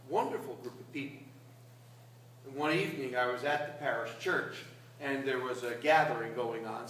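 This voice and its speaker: A man's voice: medium pitch, fairly bright tone, a little hiss or hum. A man, a priest, preaching a sermon in a conversational storytelling way that rises to emphatic peaks. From Catskill Mountains, New York. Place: large church. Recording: echoey church from far off.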